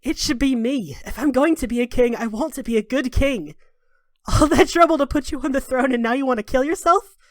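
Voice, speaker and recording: A woman's voice: sits high, brisk, no room sound, voice pushed up, natural voice. A woman voicing an earnest young male warrior in a tabletop game, speaking breathlessly, in a dry room.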